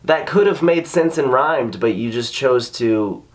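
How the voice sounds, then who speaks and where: A man's voice: medium pitch, expressive, a little slow. A man hosting a reaction video, ranting in sarcastic, exasperated commentary full of swearing.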